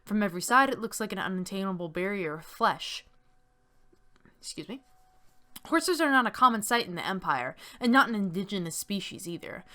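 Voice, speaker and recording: A woman reading the story text of a role-playing game aloud, breaking off for chatty, joking asides. Her voice sounds bright and forward. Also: mid-range voice, animated, a little fast.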